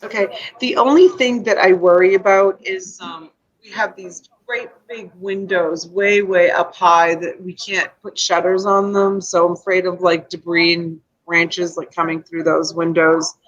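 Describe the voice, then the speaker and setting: A woman's voice: on the low side, steady tone, a little slow, few pauses, highs cut off. A woman hosting a casual live stream, emotional and tearful, rambling and reading out viewer comments.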